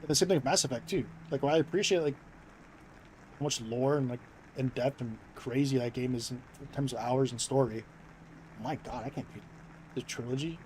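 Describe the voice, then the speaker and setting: A man's voice: mid-range voice, fairly quick, a little mellow, a little hiss or hum, poor audio. A young American man streaming and chatting casually, rambling with many fillers and restarts. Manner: rambling, filler-heavy, self-interrupting.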